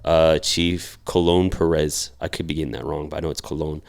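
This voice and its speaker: A young man with a very low, gravelly voice tells his stories in a loose, casual way. He swears freely and jumps into animated impressions of the people he quotes. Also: fairly quick. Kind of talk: casual storytelling.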